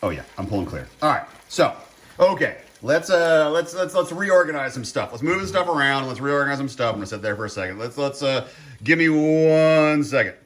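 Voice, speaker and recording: A home cooking vlogger with a higher-leaning, expressive, fairly bright voice talks briskly as he cooks. His casual commentary rambles, he interrupts himself, and he fills gaps with frequent ums and uhs.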